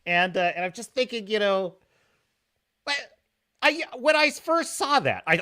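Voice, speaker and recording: A man's voice: sits high, sing-song, unhurried, pauses often, sharp tone, smooth. A man hosting a casual livestream, talking animatedly, laughing often and reading chat comments aloud. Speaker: livestream host.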